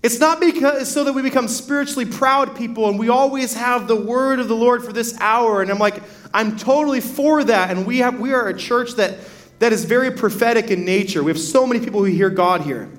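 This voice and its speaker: A man's voice: extremely high pitch, brisk. A young adult man, a pastor, preaching a sermon in a casual storytelling way, full of "like" fillers and restarts.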